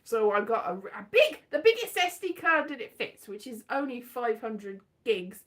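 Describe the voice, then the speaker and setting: High-voiced rambling woman vlogger. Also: expressive, moderate pace, fairly bright tone. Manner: chatty, scatterbrained, self-mocking, breaks into silly sung lines. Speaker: vlogger streaming from her phone. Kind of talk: rambling casual chat with sung bits. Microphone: phone. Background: keyboard music.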